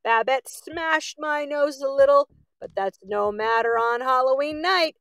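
A woman's voice: sits high, a little slow, fairly bright tone, no room sound. A woman voicing a mischievous male Halloween pumpkin with a thick, throaty voice, calling in a teasing sing-song.

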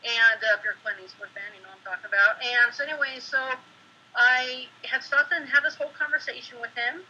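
Podcast co-host, woman, bright high-ish voice, choked up and emotional, slightly dull home computer mic. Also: steady tone, a little fast, husky. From California. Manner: emotional, tearful storyteller. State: crying. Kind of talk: reading a personal tribute, then casual chat. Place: home, at a computer with dogs nearby.

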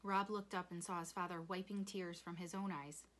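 A woman reading a children's novel aloud in measured storytelling. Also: fairly low pitch, little pitch movement, fairly bright tone. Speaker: reader.

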